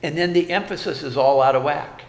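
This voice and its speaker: A man's voice: fairly high pitch, brisk, roomy sound, in a large hall. A man preaching a sermon as pastor, folksy, with rhetorical questions and repeated phrases.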